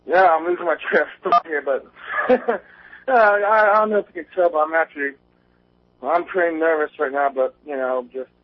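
A nervous man rings in to a radio program from somewhere outdoors on a windy day. Heard over a tinny phone line, his voice is fairly high and fairly quick, and he rambles with plenty of fillers and false starts.

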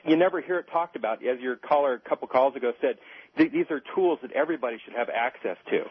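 A man's voice: medium pitch, fast, husky. A man calling in to a radio show, chatting eagerly about books he likes. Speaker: caller. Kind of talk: phone-in chat. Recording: dull lo-fi radio line.

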